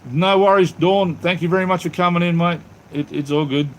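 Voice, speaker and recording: A man's voice: sits high, fairly even intonation, brisk, slight background noise. An Australian man hosting a casual live stream from home, rambling cheerfully and calling his viewers mate and brother. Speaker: channel host reading live chat.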